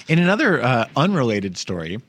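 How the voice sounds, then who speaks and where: A man's voice: medium pitch, very animated, fairly quick, fairly bright tone, breathy edge, no room sound. Wry New man hosting a podcast. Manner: chatty, wry, laughs while talking. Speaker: podcast host. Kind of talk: casual comedic news chat.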